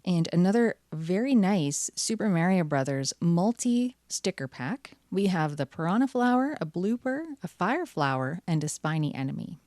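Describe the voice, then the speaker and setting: A woman's voice: lowish voice, very animated, normal speed, hardly any pauses, a little mellow, no room sound, clean studio sound. A woman hosting her channel, chatting cheerfully through card packs with wry asides. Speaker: channel host. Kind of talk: casual card-opening commentary.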